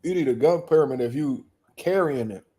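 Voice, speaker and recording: A young man hosting a boxing show, chatting in loud, profane, joking banter and often laughing. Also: mid-range voice, moderate pace. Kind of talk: casual chat reacting to live chat.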